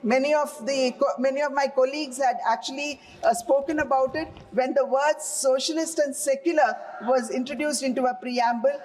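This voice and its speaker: A woman's voice: high-pitched, fairly even intonation, moderate pace, few pauses, darkish tone. A woman with an Indian English accent giving a formal, emphatic parliamentary speech, repeatedly addressing the chair as sir. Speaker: member of parliament. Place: large debating chamber. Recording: echoey parliament chamber.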